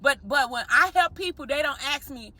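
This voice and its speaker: A married woman telling an animated story straight to her viewers in a vlog, often calling them y'all. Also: high-pitched, moderate pace, no room sound. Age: adult, married. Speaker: vlogger.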